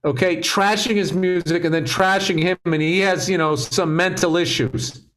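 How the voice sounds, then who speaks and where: A man's voice: sits high, fairly even intonation, normal speed, a bit bright. A male comedian co-hosting a casual podcast, telling profane stories and laughing through them.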